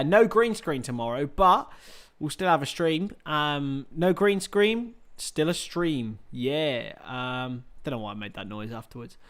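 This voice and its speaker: A man's voice: fairly high pitch, fairly bright tone, clean tone. A man hosting a live football watchalong stream, giving casual commentary in a chatty, jokey, self-mocking way. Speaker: livestream host.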